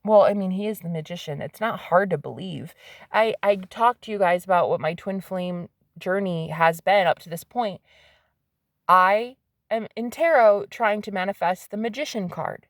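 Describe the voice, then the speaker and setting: A woman giving a casual tarot reading to her viewers, excitable and swearing freely, swinging from hushed asides to loud exclamations. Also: medium pitch, normal speed, no echo, clean studio sound. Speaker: psychic medium and tarot reader.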